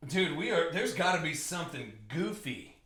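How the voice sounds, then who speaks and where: A man's voice: on the high side, very animated, moderate pace, a bit bright, echoey room. A young man hosting a live card break, joking and riffing with viewers by name as he opens packs.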